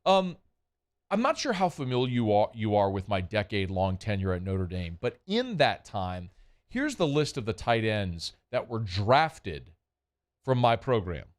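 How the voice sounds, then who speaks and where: Male host doing a boastful middle-aged football coach, smooth self-congratulating sales pitch. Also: very animated, a little slow.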